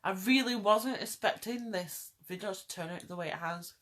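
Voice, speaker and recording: A woman's voice: medium pitch, normal speed, fairly bright tone. A woman vlogger delivering a heartfelt rant straight to her viewers, pleading and repeating lines for emphasis. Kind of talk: impassioned direct-to-camera rant.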